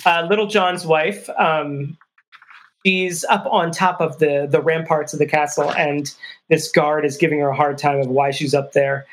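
A woman co-hosting a casual movie discussion, wry and quick to laugh, often trailing off mid-thought. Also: deep voice, steady tone, slight background noise. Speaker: podcast co-host.

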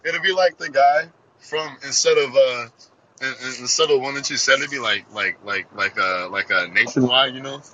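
A man's voice: mid-range voice, normal speed, sharp tone, slight background noise, rough recording. A man co-hosting a casual comedy podcast, laughing often as he acts out silly made-up scenarios. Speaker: podcast co-host.

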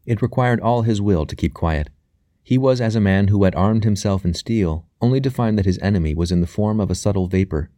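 A man with a lowish voice narrates a classic novel as an audiobook, telling the story in a measured, even manner. The recording is dry, with clean studio sound.

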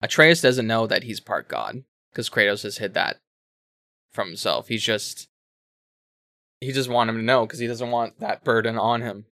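Brief: man, casual co-host, bright forceful voice, rambling excited retelling, dry sound. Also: lowish voice, normal speed, pauses often, no echo. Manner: rambling, animated retelling with self-corrections and swearing. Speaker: podcast co-host explaining a game. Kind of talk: casual chat.

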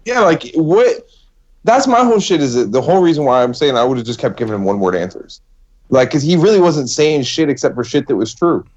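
Young man, podcast co-host, teasing, very lively pitch, dull lo-fi sound. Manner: laid-back, teasing, quick jokes. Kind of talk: casual chat.

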